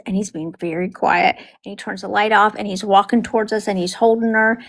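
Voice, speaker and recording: A middle-aged grandmother chatting casually, telling lively family stories and acting out the voices of the people in them. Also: medium pitch, quick pace, vocal fry, hardly any pauses. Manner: animated, acts out quotes in voices, laughs often. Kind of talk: casual storytelling chat.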